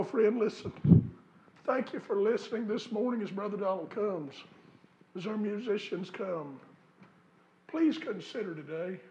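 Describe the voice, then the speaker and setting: High-voiced preacher with a gravelly edge. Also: male voice, lo-fi sound, slight background noise. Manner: folksy storytelling, rising to fervent shouts. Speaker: pastor. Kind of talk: sermon. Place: church sanctuary.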